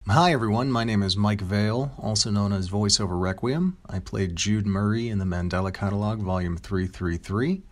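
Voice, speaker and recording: A young man with a low voice and a smooth radio tone talks through interview questions in a relaxed, conversational way. He leans on ums and you-knows as he goes, recorded on a home mic. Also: normal speed, hardly any pauses. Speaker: voice actor and content creator. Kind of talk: reading out interview questions and answering casually.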